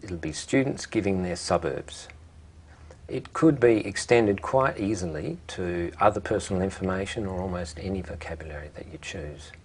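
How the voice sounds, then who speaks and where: A language teacher explaining syllable stress to a class, modelling words slowly and deliberately, and prompting students with short questions. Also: low voice.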